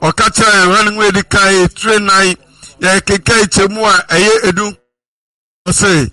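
A man preaching a sermon in measured phrases, citing scripture and repeating refrains. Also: high voice, level tone, pushed and bright, no room sound, rough recording.

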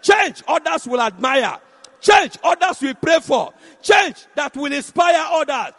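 A man preaching a sermon, shouting and exhorting the congregation with repeated phrases. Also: extremely high pitch, animated, a little slow. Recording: echoey hall.

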